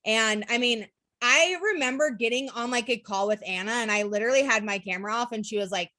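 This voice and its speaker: A woman's voice: a little high, fast talker, pushed and bright, dry recording. Candid young woman telling her story. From Utah, USA. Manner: candid, swearing, lots of "like" and "literally". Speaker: network marketing seller. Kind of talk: casual storytelling to camera.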